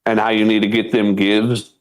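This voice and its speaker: A man's voice: fairly low pitch, monotone, moderate pace. A young adult man co-hosting a podcast, swearing freely and laughing through crude banter. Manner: crude, profane, laughing, jumping into voices. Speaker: podcast co-host.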